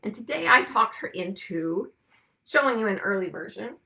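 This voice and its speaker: Bright-voiced woman hosting a casual broadcast. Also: mid-range voice, animated, normal speed, creaky. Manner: rambling and conversational, with frequent asides. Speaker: host of a weekly broadcast. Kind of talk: casual monologue to viewers.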